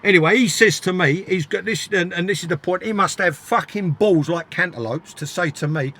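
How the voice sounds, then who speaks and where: A man's voice: sits high, fairly quick, few pauses, bright, forceful tone. Blunt older man telling stories. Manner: blunt, emphatic, repeats himself. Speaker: interview guest, former footballer. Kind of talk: casual storytelling, swearing freely.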